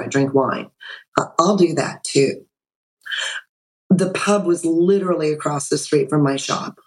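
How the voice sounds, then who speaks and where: Animated woman in her sixties telling her story. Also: lowish voice, rough recording. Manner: animated storyteller, acts out quoted dialogue. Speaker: podcast guest. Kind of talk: personal story in an interview.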